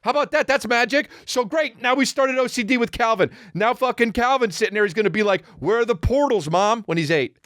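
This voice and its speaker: A man's voice: extremely high pitch, a little fast, few pauses, dry recording, clean studio sound. A man in his forties hosting a solo comedy podcast, rambling and cursing as he tells stories. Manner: profane, rambling, animated storytelling. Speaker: podcast host.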